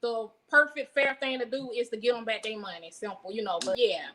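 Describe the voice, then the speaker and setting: A woman's voice: fairly high pitch, fairly even intonation, brisk, fairly bright tone, poor audio. A woman comedian from Atlanta with a Southern accent, telling stories in a brash, profane way during a casual interview. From Atlanta, USA.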